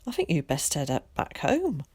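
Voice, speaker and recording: A woman's voice: low-pitched, huge pitch swings, darkish tone, husky, no echo, exaggerated voice. A woman voicing a breezy, polite older air-raid warden. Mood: brisk. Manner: brisk, friendly, polite.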